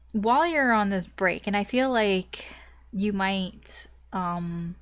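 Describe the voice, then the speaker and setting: A woman giving a casual tarot reading to her viewers, chatty and full of fillers and restarts. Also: medium pitch. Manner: chatty, frequent fillers and restarts, light laughs. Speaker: tarot reader.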